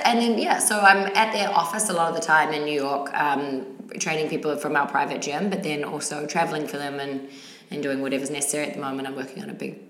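A woman's voice: low-pitched, fairly bright tone, reverberant. A woman in her thirties from New Zealand with a New Zealand accent, a fitness trainer chatting as a podcast guest in a bubbly way and laughing often. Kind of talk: casual podcast chat.

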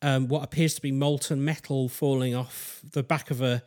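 A man's voice: medium pitch, steady tone, a little mellow. A man in a mid register hosts a podcast and recounts an odd tale in a loose, rambling manner. He often trails off and restarts his sentences as he thinks aloud. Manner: rambling, halting, with fillers and restarts. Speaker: podcast host. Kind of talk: casual chat, storytelling.

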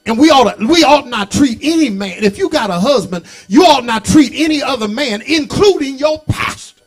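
A middle-aged man preaching a sermon as bishop, folksy and direct with the congregation, rising from easy storytelling into shouted, sing-song preaching. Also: extremely high pitch, animated, normal speed. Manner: folksy, talks back to the congregation. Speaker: bishop and pastor.

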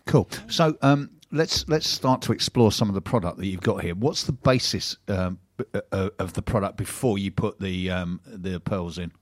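A man's voice: low voice, normal speed, hardly any pauses, no echo, clean studio sound. A man hosting a casual interview, jokey and stumbling over his words. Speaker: host.

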